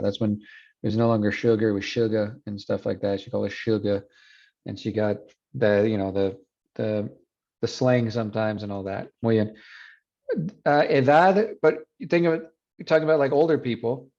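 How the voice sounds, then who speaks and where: A man's voice: fairly low pitch, a little fast, darkish tone, highs cut off. A man in his thirties teaching a university class, switching between Spanish and English with frequent restarts. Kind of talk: classroom lecture.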